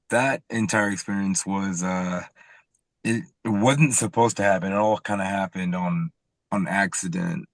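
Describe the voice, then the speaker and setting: Man, very deep voice, slow, hesitant, podcast chat, dry sound. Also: dry recording. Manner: hesitant, many fillers. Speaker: podcast guest, wrestler. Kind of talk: casual chat.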